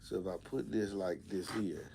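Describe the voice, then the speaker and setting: A man's voice: low-pitched, moderate pace, vocal fry, warm tone, a little hiss or hum. A man hosting a casual live car audio stream, greeting viewers by name in laid-back slang. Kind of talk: casual livestream chat.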